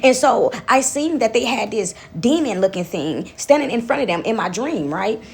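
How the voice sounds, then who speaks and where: A woman's voice: on the high side, animated, moderate pace, gravelly, slightly rough. A woman giving an informal spiritual monologue, rambling and often asking "you understand me?". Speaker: spiritual speaker.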